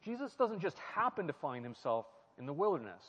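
A man's voice: a little high, sing-song, brisk, fairly bright tone. A man preaching and teaching through a Bible passage, reflective, asking his listeners questions and repeating key phrases. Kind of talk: sermon-style Bible teaching. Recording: muffled sound with a long hall reverb.

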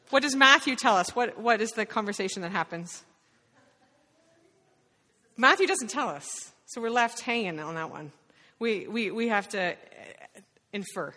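A woman leading an interactive Bible lesson, quizzing the group with quick questions. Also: medium pitch, animated, bright, forceful tone. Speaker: Bible study leader. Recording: reverberant hall.

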